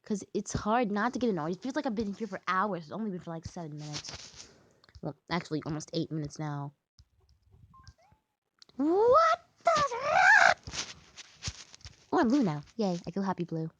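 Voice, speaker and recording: A woman's voice: lowish voice, quick pace, slight background noise. A young woman chatting casually while she plays a game, singing made-up songs and breaking into sudden frustrated squeals. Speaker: gaming vlogger.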